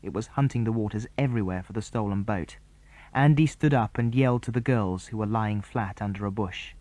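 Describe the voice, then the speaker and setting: A man reading a children's adventure story aloud, telling it in a clear, even way. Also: on the low side, fairly quick, no room sound. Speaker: audiobook narrator. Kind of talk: storybook narration.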